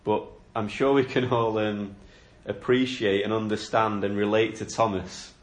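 A man's voice: lowish voice, flat delivery, unhurried. A man preaching a sermon, explaining a Bible passage in an earnest, questioning way. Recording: echoey room.

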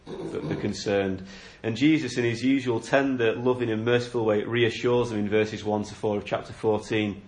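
A man's voice: on the low side, steady tone, moderate pace, few pauses, a little mellow. A man preaching a sermon, explaining a Bible passage in an earnest, questioning way. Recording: echoey room.

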